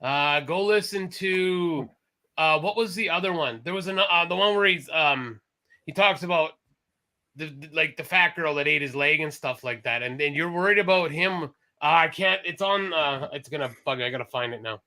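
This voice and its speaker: Bright, high-voiced man rambling casually. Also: moderate pace. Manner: rambling, self-correcting, animated. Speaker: podcast co-host. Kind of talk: casual chat.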